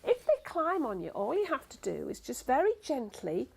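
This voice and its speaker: A woman's voice: sits high, wildly swooping pitch, normal speed, creaky, slightly rough, exaggerated voice. A woman voicing a caring young mother in a story told to children, with an exaggerated storybook voice. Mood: reassuring.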